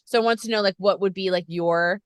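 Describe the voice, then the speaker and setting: Woman interviewer, chatty, rambling, mid pitch, dry close sound. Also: steady tone, brisk, dry recording. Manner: chatty, rambling, lots of fillers. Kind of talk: casual interview chat. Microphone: video call.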